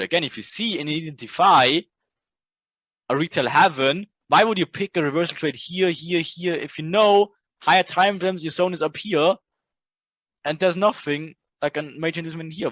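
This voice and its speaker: A male trading instructor lectures in a casual, blunt way, swearing freely and tagging his points with "right?". His voice sits a little high for a man. The recording is dry and close, with no room sound. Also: moderate pace, a bit bright, no room sound. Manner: blunt, profane, keeps asking "right?".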